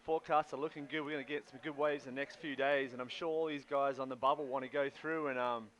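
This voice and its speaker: Kiwi guy doing color commentary, relaxed and chatty, bright voice. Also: medium pitch, fast. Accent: New Zealand. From New Zealand. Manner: laid-back, easygoing, says mate. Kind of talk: live sports commentary.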